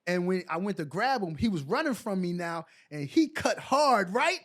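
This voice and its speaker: High-voiced man telling lively anecdotes. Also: normal speed. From New York. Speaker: guest, former pro basketball player. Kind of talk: animated storytelling in a podcast chat.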